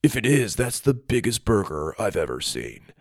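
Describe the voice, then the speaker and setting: A man's voice: lowish voice, big pitch swings, normal speed, gravelly, no echo, clean studio sound, heavily acted. A man voicing a laid-back young farm boy cadet with a wry, unimpressed manner in a storybook reading.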